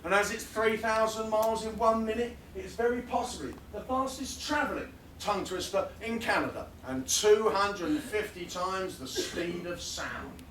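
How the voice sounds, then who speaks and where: A man performing comic spoken-word poetry live at a festival, rhythmic and building into rapid-fire lists. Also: high-pitched, a bit bright, a little hiss or hum. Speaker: performance poet. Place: fringe festival venue, live audience. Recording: roomy sound from a distant mic.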